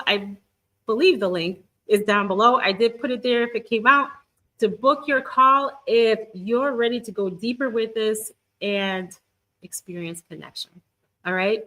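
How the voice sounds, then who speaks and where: A woman's voice: medium pitch, poor audio. A middle-aged woman coaching viewers in a live stream, talking to them directly in an encouraging way, with many restarts. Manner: warm, encouraging, talks straight to viewers. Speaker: twin flame guidance coach.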